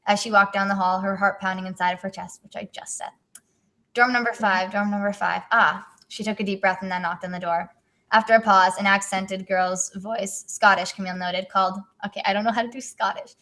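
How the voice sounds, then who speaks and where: A woman's voice: mid-range voice, little pitch movement, brisk, a bit bright. Teen girl author, casual read-aloud with joking asides. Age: teens. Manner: giggly, adds joking asides while reading. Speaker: author and co-host. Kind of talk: reading her own story aloud in a casual chat.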